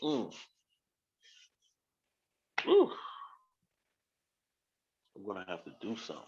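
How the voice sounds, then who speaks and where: A man's voice: on the low side, wildly swooping pitch, slow, creaky, breathy edge, highs cut off. A man hosting a live stream, explaining his teachings in a blunt, casual way with rhetorical questions and swearing.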